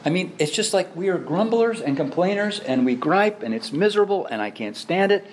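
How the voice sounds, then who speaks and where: A man's voice: high-pitched, expressive, fairly quick, a little hiss or hum. A middle-aged man, a pastor, preaching a sermon with emphatic exhortation and self-deprecating asides.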